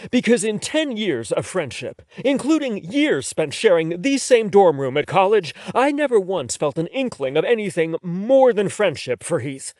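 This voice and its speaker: A man narrating a romance audiobook in the first person, with a wry, expressive delivery. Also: high-pitched, normal speed, hardly any pauses, no room sound, studio quality.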